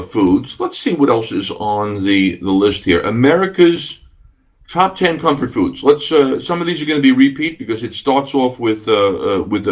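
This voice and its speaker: A man hosting a radio podcast, chatting casually and enthusiastically, rambling with many fillers. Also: fairly low pitch. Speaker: radio host. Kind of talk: casual solo podcast talk.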